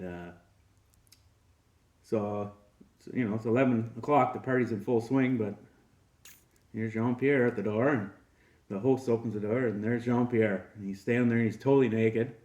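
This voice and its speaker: A man hosting a casual show, telling a long joke in a relaxed way with many pauses and fillers. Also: mid-range voice, muffled recording. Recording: roomy echo.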